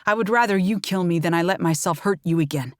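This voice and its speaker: A woman voicing an earnest young faerie man who refuses to fight, speaking low and quietly. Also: fast, no room sound, studio quality, close to an everyday voice. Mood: pleading.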